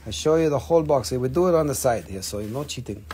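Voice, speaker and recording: A man selling rocks on a live auction stream, excitable and swearing, mocking himself as he slashes prices. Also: mid-range voice, quick pace, a little hiss or hum. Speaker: live-stream rock seller. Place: shop.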